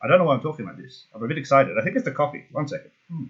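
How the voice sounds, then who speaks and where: A man explaining game strategy in a casual walkthrough, excitable and jokey, thinking aloud as he works out numbers. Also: mid-range voice, rapid-fire, breathy edge, dull audio. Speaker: gaming YouTuber.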